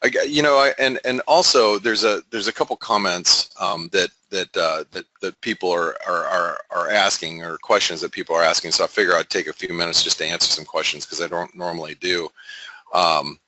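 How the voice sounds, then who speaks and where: A man giving casual market analysis, halting with many fillers and restarts. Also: low-pitched, fairly even intonation, sharp tone, slight background noise, low-quality recording.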